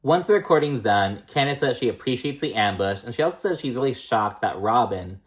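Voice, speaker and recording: A man's voice: mid-range voice, expressive, fairly quick. A man casually recapping a reality TV episode in a gossipy, profane way, with lots of fillers.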